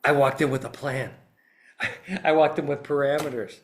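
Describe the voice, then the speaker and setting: A man's voice: mid-range voice, steady tone, moderate pace. A middle-aged man, a trial consultant, telling a story in podcast talk and acting out how he would address jurors. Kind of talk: podcast talk acting out a voir dire example.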